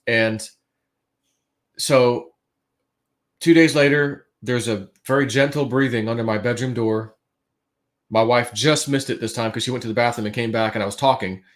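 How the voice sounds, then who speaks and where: Man, casual livestream storyteller, animated, acts out quotes, hushed then loud. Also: medium pitch, normal speed, long pauses. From United States.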